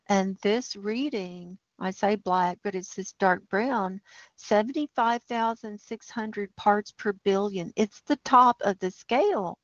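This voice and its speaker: A woman's voice: mid-range voice, no echo, muffled recording. A woman hosting a livestream, walking through data maps and growing alarmed, ranting as she goes. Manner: alarmed, ranting, talks over a map. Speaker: livestream host.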